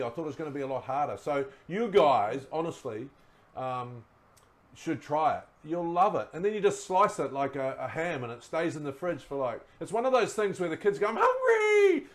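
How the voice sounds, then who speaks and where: Relaxed New man telling stories. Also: a little high, moderate pace. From New Zealand. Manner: relaxed yarn-spinning, laughing at his own stories. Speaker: guest, former rugby player. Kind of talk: casual storytelling chat.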